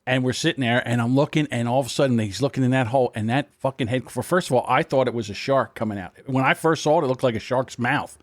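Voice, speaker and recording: A man's voice: medium pitch, fast talker, hardly any pauses, dry recording, studio quality. A man, telling profane stories in casual podcast banter. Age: 60s. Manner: animated, profane storyteller. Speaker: podcast guest.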